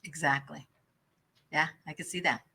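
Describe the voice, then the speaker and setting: A woman's voice: deep voice, steady tone, moderate pace, gravelly, bright, forceful tone, breathy edge. A woman hosting a business podcast, giving short affirming replies and asking questions. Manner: brief affirming backchannels. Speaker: podcast host. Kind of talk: interview.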